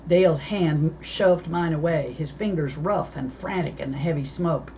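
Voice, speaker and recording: A woman reading a novel aloud in a measured, unhurried way with small stumbles, in a dull lo-fi recording with faint hiss. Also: sits low, warm tone. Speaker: reader.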